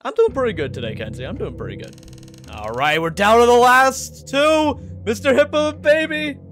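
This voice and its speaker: A young man livestreaming a video game, chatting with viewers and excitedly coaxing the characters on screen. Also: very high-pitched, moderate pace, soft background music. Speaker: gaming streamer. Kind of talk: casual livestream gameplay commentary.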